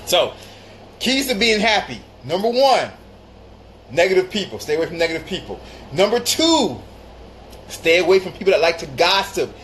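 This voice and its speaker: A man's voice: high-pitched, big pitch swings, moderate pace, pauses often, a bit bright, slight background noise, low-quality recording. Emphatic man giving live-stream advice. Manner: emphatic, repeats phrases for stress; greets viewers mid-talk.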